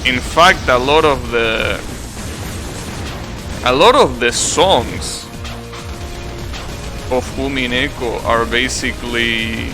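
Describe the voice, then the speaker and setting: A man's voice: mid-range voice, slow, long pauses, over music. A young man live-streaming a game, chatting casually with viewers in a rambling, self-correcting way, swearing now and then.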